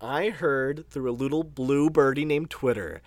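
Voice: mid-range voice, a little slow, no room sound. A podcast co-host on a video call, chatting casually in a teasing, jokey way and swearing freely. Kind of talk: casual chat.

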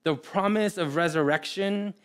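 A man preaching a sermon in an earnest way, often repeating words and pausing. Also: high-pitched, smooth. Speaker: pastor.

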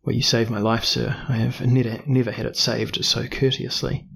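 A man's voice: medium pitch, flat delivery, creaky, fairly bright tone, husky. Elric, a courtly albino prince, read by a man. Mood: courteous. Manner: measured, formal, guarded. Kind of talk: audiobook character reading.

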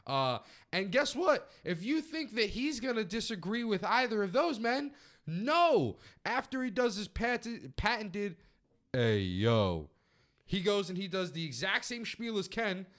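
Male co-host, swinging pitch, wry and profane. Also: sing-song, normal speed, a bit bright. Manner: swearing, wry banter. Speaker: podcast co-host. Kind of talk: casual review chat.

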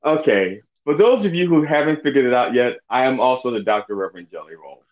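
Swearing comedian rambling on a dull line. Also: male voice, medium pitch, lively intonation, fast talker. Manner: rambling storyteller, swears freely, many restarts. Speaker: comedian guest. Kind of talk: casual podcast chat.

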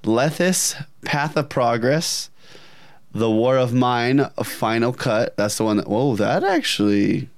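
A podcast co-host with a medium-pitched voice talks slowly on a gaming show. He chats casually and animatedly, laughing often and putting on silly voices in his anecdotes. There's no echo.

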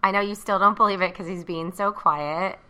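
Bright, upbeat woman podcast host. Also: mid-range voice, steady tone, moderate pace. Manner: upbeat, teasing. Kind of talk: casual chat.

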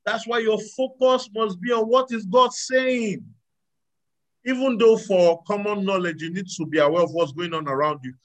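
Animated high-voiced male preacher. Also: moderate pace, rough recording. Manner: animated, swings between loud exclamations and quiet asides. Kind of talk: sermon with audience call-and-response.

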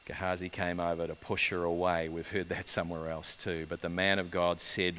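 A man preaching a sermon, swinging between loud urgent build-ups and hushed, quiet passages. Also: sits low, little pitch movement, moderate pace, hardly any pauses, slight background noise. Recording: long reverb of a large hall.

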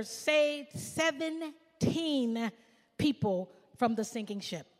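A woman pastor preaching a sermon, swinging from shouts to hushed asides. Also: high-pitched, long reverb tail.

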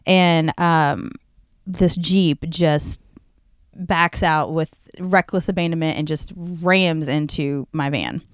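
A woman's voice: sits low, takes it slowly, clean tone, dry recording, studio quality. A woman co-hosting a casual chat show, talking in a chatty way and wandering off on tangents.

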